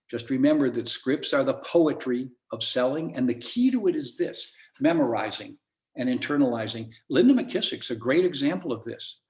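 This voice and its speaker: A man's voice: mid-range voice, lively intonation, normal speed, a little mellow. A man giving a real estate training talk with an emphatic, punchy delivery and repeated phrases.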